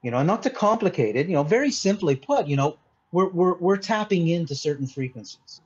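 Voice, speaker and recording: Guy from malta explaining stuff earnestly, husky and kinda high, dull lo-fi sound. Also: lively intonation, a little fast, darkish tone. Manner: earnest, explaining with many restarts and "you know". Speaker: mindset consultant, podcast guest. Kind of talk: casual interview talk.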